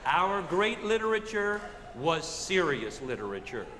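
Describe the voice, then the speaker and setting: Animated male lecturer in an echoey hall. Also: on the high side, measured pace, a little hiss or hum. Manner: animated, rhetorical questions, comic asides. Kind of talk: public lecture on literature. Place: stage of a theater.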